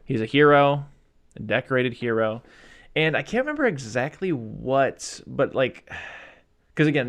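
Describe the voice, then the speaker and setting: A man's voice: mid-range voice, a bit bright. A man hosting a podcast, recapping film scenes in a loose, rambling way and mumbling the characters' lines. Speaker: podcast host. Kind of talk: casual movie chat.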